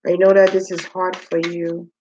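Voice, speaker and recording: A woman's voice: on the low side, level tone, warm tone, dull audio, slight background noise. A woman giving a casual spoken spiritual reading. She muses aloud, drawing out her words and talking straight to the spirits. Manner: musing, drawn-out, talks to the spirits directly. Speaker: spiritual reader.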